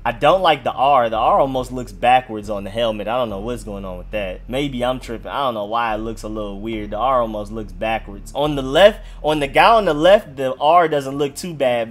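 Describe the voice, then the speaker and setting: A man hosting his own sports video, giving casual, slangy commentary and thinking aloud with hedges and restarts. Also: medium pitch. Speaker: sports fan video host.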